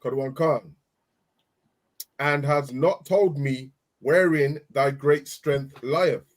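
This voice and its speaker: A man reading scripture aloud slowly and deliberately. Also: a little high. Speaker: scripture reader.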